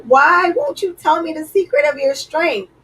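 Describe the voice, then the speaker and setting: A woman's voice: sits high, moderate pace, fairly bright tone, far from the mic, pitched above the performer's own voice. A woman voicing a young temptress who pleads and coaxes in a whiny tone. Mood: tearful pleading.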